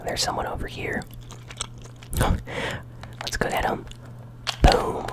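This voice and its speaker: A channel host whispering gameplay commentary while chewing gum, relaxed and chatty, with flashes of excitement. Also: takes it slowly.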